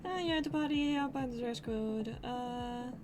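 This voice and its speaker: A woman's voice: fairly high pitch, normal speed, over music. A woman streamer chatting casually and swearing freely as she reacts to a game. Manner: chatty, swears a lot, laughs often.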